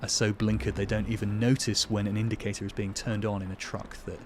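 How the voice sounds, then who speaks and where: A man's voice: on the low side, little pitch movement, quick pace, slight background noise. A man chatting casually with his live-stream viewers while playing a truck game, joking about himself and answering their messages. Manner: chatty, self-deprecating, reads out and answers chat.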